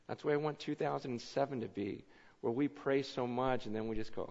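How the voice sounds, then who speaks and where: Animated pastor preaching in a reverberant hall. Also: male voice, mid-range voice, brisk, gravelly. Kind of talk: sermon. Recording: muffled hall recording with long reverb.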